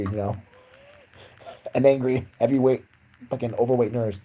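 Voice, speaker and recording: Young guy podcast host, mellow raspy voice, swearing and mocking nonstop. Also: mid-range voice, animated, normal speed, long pauses, rough recording. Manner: profane, sarcastic, mocking. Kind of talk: crude comedic rant.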